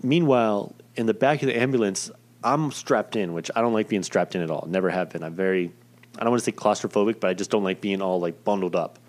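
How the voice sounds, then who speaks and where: A man's voice: fairly low pitch, quick pace. A young man casually telling a personal story in a rambling, profane, self-deprecating way.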